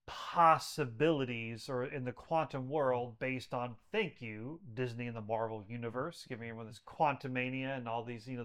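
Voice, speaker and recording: A man who works with patients, speaking as a podcast guest in an earnest, emphatic way, building his points through repetition. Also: mid-range voice. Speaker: podcast guest, health practitioner. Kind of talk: conversational interview storytelling.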